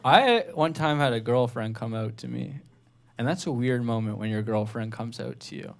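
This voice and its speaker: Deadpan young stand-up man, lively pitch. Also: normal speed, creaky. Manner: deadpan, acts out dialogue. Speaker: stand-up comedian. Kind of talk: stand-up set. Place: comedy club stage, Toronto. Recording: noisy live club recording. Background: audience laughter.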